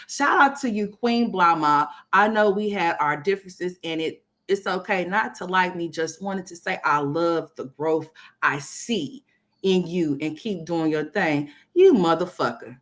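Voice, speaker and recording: Woman, host, gossip commentary livestream, brash, profane, rambling, lowish voice. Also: animated, unhurried, fairly bright tone. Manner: brash, profane, rambling, talks straight to viewers.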